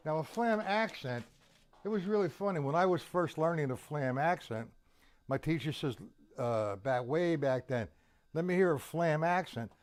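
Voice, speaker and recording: An older man leading a live online drum lesson, counting beats aloud slowly and patiently. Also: a little high. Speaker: drum teacher.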